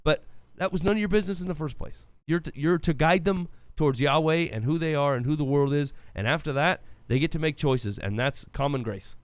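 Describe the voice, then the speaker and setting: Earnest fast-talking man giving advice. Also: a little high, clean tone, no room sound. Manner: earnest, preachy advice on youth ministry. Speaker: podcast co-host. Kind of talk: casual chat.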